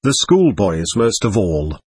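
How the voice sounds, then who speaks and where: A man voicing a shabby, bitter middle-aged captain who rambles with ironic self-abasement, husky-voiced. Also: fairly low pitch, very animated, slow pace, darkish tone, dry recording, pitched below the performer's own voice, full character voice. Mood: bitter irony.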